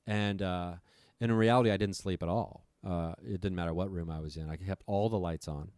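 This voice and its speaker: Male guest, low voice, profane storyteller, dry mic. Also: fairly even intonation, a little fast, a little mellow, no echo. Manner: profane, breathless retelling. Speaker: podcast guest. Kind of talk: storytelling on a comedy podcast.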